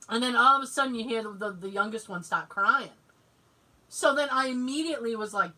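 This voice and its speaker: A woman in her forties co-hosting a podcast, telling family stories in casual chat, animated, laughing often and swearing freely. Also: fairly high pitch, brisk. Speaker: podcast co-host. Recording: distant mic, noisy.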